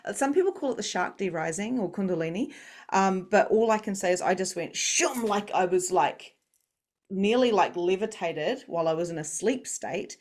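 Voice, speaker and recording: A middle-aged woman, an interview guest, tells her story in an animated way, acting out the voices she quotes and laughing often. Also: medium pitch, normal speed. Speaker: psychic medium and coach, interview guest.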